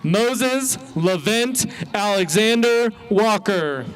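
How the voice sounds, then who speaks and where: A man's voice: high voice, animated, slow. A man announcing graduates' names at an outdoor graduation ceremony, pronouncing each one carefully. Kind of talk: slow, deliberate name reading.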